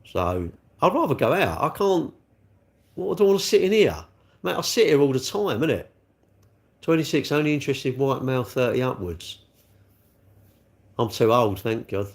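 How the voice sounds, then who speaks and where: A man's voice: medium pitch, sing-song, normal speed, creaky, long pauses. A middle-aged man chatting bluntly on a livestream, reading out comments and mocking himself. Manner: chatty, blunt, self-mocking, laughs often. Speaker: livestream host, car dealer.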